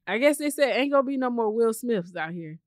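A woman's voice: a little high, animated, fairly quick, no echo, clean studio sound. A woman co-hosting a casual podcast, teasing and swearing, laughing often. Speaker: podcast co-host. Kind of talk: casual chat.

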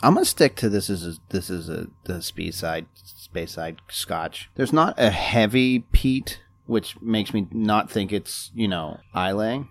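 Man, lowish voice, relaxed, unhurried whiskey tasting talk. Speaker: podcast co-host. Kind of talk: casual whiskey-tasting chat.

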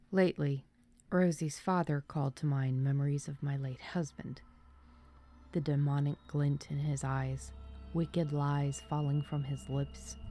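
A woman with a low voice reads a spooky story, sliding often into a hushed, breathy half-whisper. Faint music runs beneath her narration.

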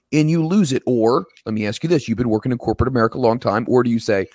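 A middle-aged man asks pointed questions and lays out his reasoning in casual wrestling talk. His voice sits at a middle pitch. The recording is dry and close, with no room sound. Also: quick pace, a little mellow, no room sound. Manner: probing, questioning, builds arguments. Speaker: podcast co-host.

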